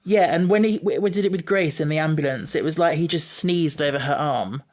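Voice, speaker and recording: A man's voice: a little high, a little fast. A man hosting a podcast, chatting casually, musing aloud and laughing easily. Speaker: podcast host. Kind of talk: casual chat.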